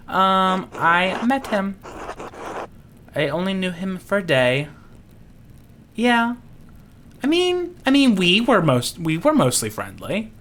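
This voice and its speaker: A man giving casual let's-play commentary, swearing and laughing as he jokes. His pitch jumps around in a lively, animated way. A faint background hiss sits under the voice. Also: takes it slowly, long pauses. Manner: profane, giggly, joking. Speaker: game streamer.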